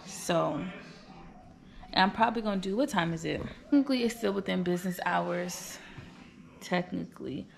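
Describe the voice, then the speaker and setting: A woman's voice: fairly low pitch, normal speed, vocal fry, long pauses, a little hiss or hum. A woman in her twenties chatting casually to camera as a small-business vlogger, repeating herself and talking straight to her viewers. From United States. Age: 20s.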